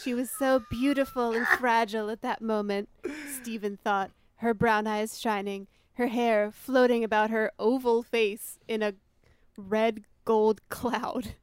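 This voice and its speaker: A woman co-hosting a comedy podcast, reading a sappy story aloud slowly and laughing at it. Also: on the high side, fairly even intonation, clear, resonant tone. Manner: giggly, reads slowly with laughing asides.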